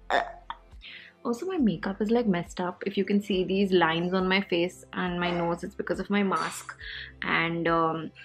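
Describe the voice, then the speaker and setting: A young woman in her twenties with an Indian English accent chats in a relaxed, rambling vlog. She speaks at a mid-range pitch, often pausing on fillers as she talks. Soft music plays faintly behind her. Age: 20s. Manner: chatty and rambling, with many fillers. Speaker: vlogger. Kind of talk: casual vlog chat.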